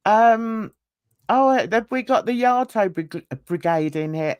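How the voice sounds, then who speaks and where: A woman's voice: fairly high pitch, animated, measured pace, darkish tone, clear, resonant tone, no room sound, clean studio sound. A woman on a livestream panel, chatting casually, laughing often and mimicking other people's voices.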